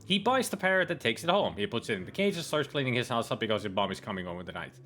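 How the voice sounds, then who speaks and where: A man's voice: mid-range voice, big pitch swings, racing, a bit bright, slight background noise. A man playing through a game on video, reading in-game messages and long jokes aloud in a casual, mocking way with fillers and slips. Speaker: let's player. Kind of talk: gaming commentary, reading texts and jokes aloud.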